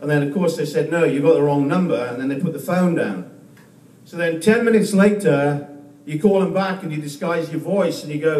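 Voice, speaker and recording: A man doing a stand-up comedy set, with a halting delivery full of repeated words and restarts. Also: a little high, darkish tone. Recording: echoey room, mic far off, faint noise.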